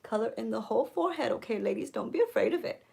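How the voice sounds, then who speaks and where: A woman giving a mock makeup tutorial, coaxing viewers with deadpan ironic influencer patter and frequent "okay?"s. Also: a little high, fast, vocal fry. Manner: coaxing, keeps repeating "okay?". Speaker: beauty vlogger.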